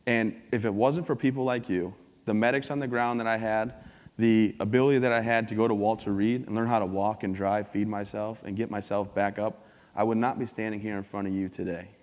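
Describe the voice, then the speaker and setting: A man's voice: fairly low pitch, fairly even intonation, a little fast, darkish tone. Upbeat joking man in a big hall. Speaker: keynote speaker. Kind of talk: humorous motivational talk. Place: large conference hall. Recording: long hall reverb.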